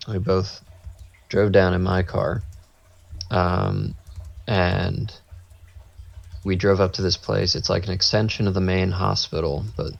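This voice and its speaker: Slow and low-pitched, this male podcast co-host uses fairly even intonation, vocal fry and long pauses. He tells a meandering story in relaxed conversation, performing the quoted lines, captured in dull lo-fi audio.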